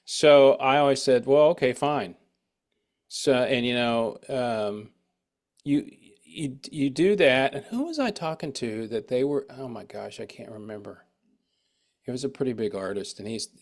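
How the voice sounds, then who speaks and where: A man's voice: medium pitch, normal speed. A middle-aged man hosting an interview, telling rambling anecdotes with frequent restarts in casual chat. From United States. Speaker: interview host.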